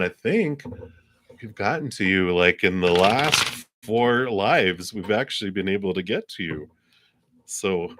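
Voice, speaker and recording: A man giving live tarot card readings in a gentle, spiritual way, chuckling often and using many fillers. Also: lowish voice, a little hiss or hum.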